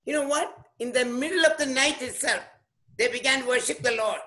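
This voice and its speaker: Preaching briskly in a very high voice, a male pastor in church gives an emphatic sermon, cutting in to comment on the scripture being read and sometimes shouting.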